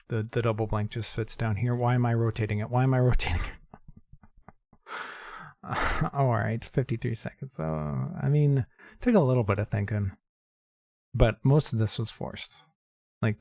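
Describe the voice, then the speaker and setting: A man's voice: mid-range voice, gravelly, warm tone, dry recording. Man thinking aloud over word puzzles. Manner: thinks aloud, muttering clues and working through puzzles. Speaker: gaming channel host. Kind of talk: casual puzzle-solving commentary.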